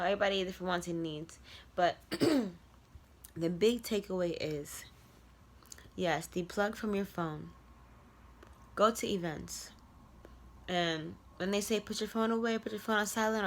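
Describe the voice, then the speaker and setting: An earnest young woman speaks to her vlog audience in a low-pitched voice. She rambles in a heartfelt way and leans on fillers as she talks. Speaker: content creator. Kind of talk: reflective personal vlog monologue.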